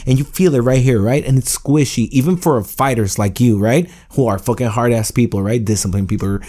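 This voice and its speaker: A man hosting a podcast in casual chat, thinking out loud and tagging his sentences with "right?". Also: mid-range voice, a little fast.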